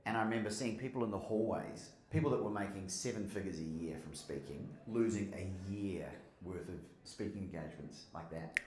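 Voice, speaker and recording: An Australian man from Melbourne, a motivational speaker and podcast host, gives an animated live keynote and tells stories while asking the audience questions. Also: sits low, a little fast, few pauses, a crowd in the background. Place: conference hall with a live audience. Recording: roomy hall sound.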